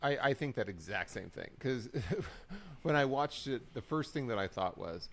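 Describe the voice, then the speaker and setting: A man's voice: medium pitch, big pitch swings, normal speed. Male co-host, mid-range voice, chatty, mimics quotes. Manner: chatty, acts out quotes in little put-on voices. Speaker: podcast co-host. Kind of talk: casual wrestling recap chat.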